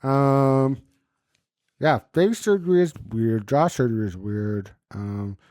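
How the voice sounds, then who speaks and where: A man's voice: medium pitch, slow, no echo, clean studio sound. A man co-hosting a podcast in casual comedic chat, telling stories with lots of swearing and acted-out voices. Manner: animated storytelling, swearing, acting out quoted voices. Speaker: podcast co-host.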